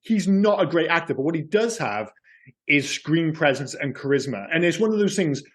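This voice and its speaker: A man whose voice sits a little high for a man. He co-hosts a podcast in a relaxed, chatty way. He argues his opinions hard and swears without a second thought. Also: moderate pace. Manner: opinionated, swears freely, frequent restarts. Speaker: podcast co-host. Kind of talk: casual film chat.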